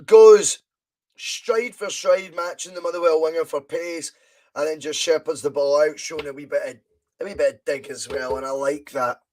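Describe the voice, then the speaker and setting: High-voiced Scottish man, chatty podcast host. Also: moderate pace, darkish tone. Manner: chatty, rambling, reads viewer comments aloud. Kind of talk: live football watch-along chat.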